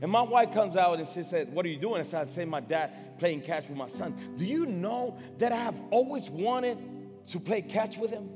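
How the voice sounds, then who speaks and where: High-voiced man preaching in a hall. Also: lively intonation. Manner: emotional, halting, repeats words, swings loud and soft. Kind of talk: sermon with personal story. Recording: long hall reverb, faint music.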